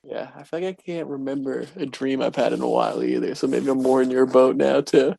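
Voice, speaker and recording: A man with a New Jersey accent, a guest on a podcast, chatting easily with quick laughs and filler words. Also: medium pitch, steady tone, vocal fry, dark tone. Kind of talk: casual podcast chat.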